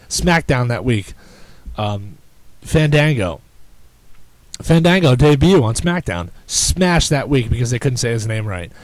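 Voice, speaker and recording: A man hosts a casual podcast, talking in an excitable, rambling way and restarting his sentences often. His voice sits at an ordinary middle pitch. The sound is dry and close, with no room echo. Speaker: podcast host. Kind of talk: casual chat.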